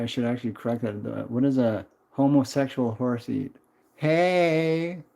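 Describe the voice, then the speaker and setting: A man's voice: mid-range voice, dark tone. A man in his twenties chatting on a casual livestream, rambling, swearing and answering chat. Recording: dull lo-fi stream audio.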